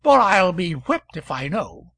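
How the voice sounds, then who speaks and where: An irritable middle-aged husband in a storybook, curt and exasperated, as a male narrator reads him. The voice sits high and husky, recorded close and dry. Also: big pitch swings, unhurried, fairly bright tone, no room sound, heavily acted. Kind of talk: audiobook character voice.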